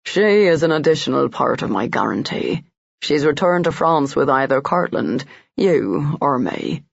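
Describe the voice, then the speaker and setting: A man reading a gruff, grumbling Irishman. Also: on the high side, very animated, a little slow, dry recording, exaggerated voice. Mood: wry. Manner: dry, grumbling. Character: gruff, wry Irishman, Colin's worldly friend. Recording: dull lo-fi dry audio.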